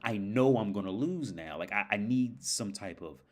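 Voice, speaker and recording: A man's voice: lowish voice, expressive. A man voicing a bored, restless male robber who halts and stammers as he talks. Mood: uneasy. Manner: halting, stammering speech.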